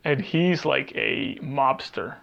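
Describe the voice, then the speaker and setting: A man's voice: medium pitch, animated, slow pace, vocal fry, fairly bright tone, dull audio. A man co-hosting a casual podcast game, rambling and searching aloud for half-remembered titles. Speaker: podcast co-host.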